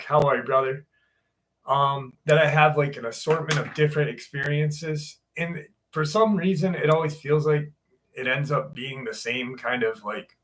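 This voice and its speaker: A man hosting a live stream, chatting casually and greeting viewers one by one in a laid-back way. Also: mid-range voice.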